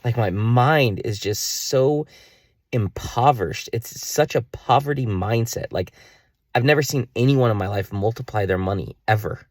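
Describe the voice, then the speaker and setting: In a personal video diary, a man in his thirties speaks directly to camera at a moderate pace and medium pitch. The vlogger rambles, scolding himself in exasperation and swearing occasionally, recorded with clean studio sound and no room echo.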